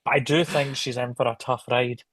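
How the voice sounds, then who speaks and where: A man's voice: medium pitch, fairly even intonation, normal speed, a bit bright, dry recording. A man co-hosting a podcast, chatting casually and with enthusiasm. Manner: enthusiastic, gushing. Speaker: guest co-host. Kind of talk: casual chat.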